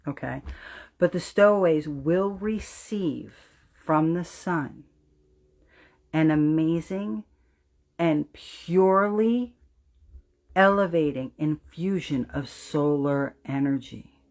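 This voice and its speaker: A woman's voice: slow pace, pauses often, a little mellow. Emphatic preachy woman with a Jersey accent. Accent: New Jersey. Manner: emphatic, preachy, swears freely; drops to an intent low voice for emphasis. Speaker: astrology livestream host. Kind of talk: livestream spiritual talk to viewers.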